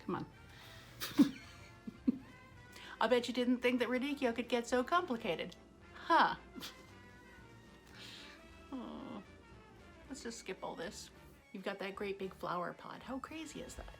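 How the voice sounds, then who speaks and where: A woman's voice: fairly high pitch, unhurried, long pauses, soft background music. A woman hosting a casual cooking vlog in her home kitchen, chatty and self-mocking, laughing often. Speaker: cooking show host.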